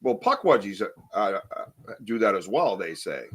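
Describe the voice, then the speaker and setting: A man's voice: on the low side, wildly swooping pitch, a little slow, breathy edge. A man hosting a casual live podcast, rambling and chatty as he reads viewer comments aloud, with lots of ums and restarts. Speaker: podcast host.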